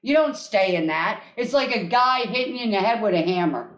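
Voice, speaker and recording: A woman coaching a caller on a live call, emphatic and insistent, often repeating short affirmations in a chant-like rhythm. Her voice sits at a middle pitch. It rings in an echoey room. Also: animated, a little fast. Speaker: energy healer hosting a live call.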